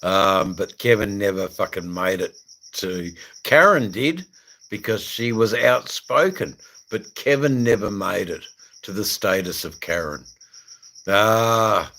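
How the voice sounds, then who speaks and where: A middle-aged Australian man hosts a casual livestream, reading viewer comments and rambling through crude jokes with many fillers. His voice is fairly low and sharp in tone, and he takes his time. The recording quality is poor.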